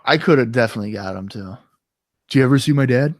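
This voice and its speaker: Talking fast in a medium-pitched voice, a young podcast co-host rambles through casual stories, swearing and acting out things people said in his past. The recording is studio quality with no echo.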